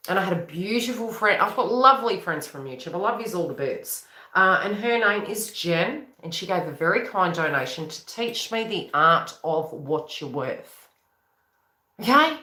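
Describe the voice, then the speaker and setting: A woman, a psychic reader, talking casually to camera in a rambling, chatty way, breaking into quick laughs. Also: mid-range voice, pushed and bright, echoey room. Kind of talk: casual spiritual talk to camera.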